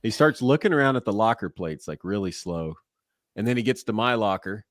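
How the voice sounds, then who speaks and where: This guest, a former ballplayer and broadcaster in his forties, spins stories in a relaxed interview, animated and breaking into frequent laughter. His fairly low voice moves a little fast, captured dry with clean studio sound.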